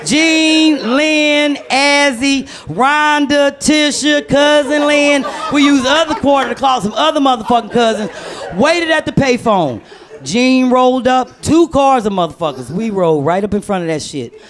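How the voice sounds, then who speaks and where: A woman doing stand-up, telling a profane family story with animated, laughing delivery. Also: sits high, a little slow. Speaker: stand-up comedian.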